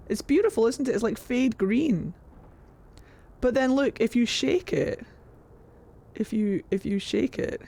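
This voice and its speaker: A woman streaming a video game, chatting excitably and swearing freely. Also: medium pitch. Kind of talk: live gameplay commentary.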